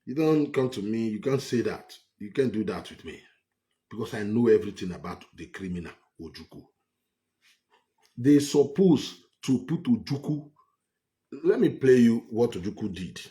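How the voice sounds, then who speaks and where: A man's voice: medium pitch, lively intonation, moderate pace, mellow. A man with a Nigerian English accent giving a heated political monologue, repeating himself for emphasis. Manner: repetitive, emphatic, scornful. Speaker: political commentator.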